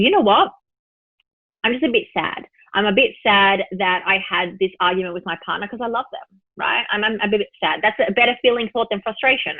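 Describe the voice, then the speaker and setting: A woman spiritual teacher, a podcast guest, telling an example story in a lively way and voicing her own thoughts. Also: fairly high pitch, no echo. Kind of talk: podcast interview. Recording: tinny phone-line sound, dry.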